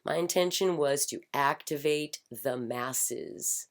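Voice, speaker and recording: A middle-aged woman speaking in a passionate personal monologue, emphatic and repetitive, swinging from loud declarations to hushed whispers. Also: sits low, slow pace. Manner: fervent, repetitive chanting phrases. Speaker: spiritual commentator.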